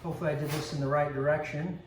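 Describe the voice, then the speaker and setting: At home in a room with a dog, a man unboxes a coffee maker while chatting casually, full of ums and asides. His fairly high voice is level in tone and racing in pace. The mic is distant, the room echoey and the background noisy.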